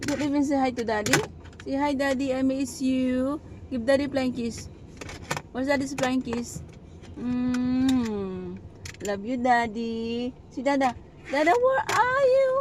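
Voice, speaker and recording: Filipino woman, young mom, high voice, chatty and coaxing, noisy street with cars. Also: steady tone, slow pace. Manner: chatty, coaxing and scolding a toddler. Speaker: mother vlogging with her children. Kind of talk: casual vlog chat, mixing Tagalog and English. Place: outdoors waiting near a clinic. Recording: noisy traffic behind. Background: passing vehicles.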